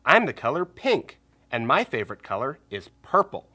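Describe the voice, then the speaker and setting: A man's voice: mid-range voice, sing-song, normal speed, pushed and bright, slightly rough, heavily acted. A man voicing a jolly, friendly pink pig who asks children to join in. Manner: cheerful, inviting children to join in.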